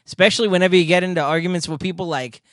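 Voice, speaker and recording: A man's voice: high voice, fairly even intonation, rapid-fire, dry recording, studio quality. Laid-back slangy man co-host. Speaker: podcast co-host. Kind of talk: casual chat.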